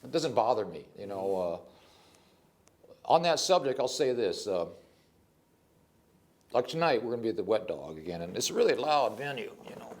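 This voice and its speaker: An older man, a poet, telling stories in a casual interview, animated and rambling, with frequent restarts. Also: medium pitch, normal speed, long pauses, slight background noise.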